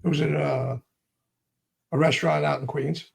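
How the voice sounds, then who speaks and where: A man's voice: on the high side, fairly even intonation, normal speed, vocal fry. An older man, telling a long story in an interview and acting out both sides of old arguments. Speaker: interview guest.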